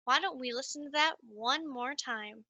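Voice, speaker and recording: A woman giving a lively, sing-song nature lesson to young children while playing a coyote mascot. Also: high voice, moderate pace, dull audio, very noisy. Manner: animated, sing-song, speaks straight to children.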